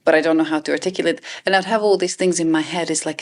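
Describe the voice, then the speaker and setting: Low-voiced woman talking things through. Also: steady tone. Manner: reflective, halting, many restarts and "like". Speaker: podcast co-host. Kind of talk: casual chat.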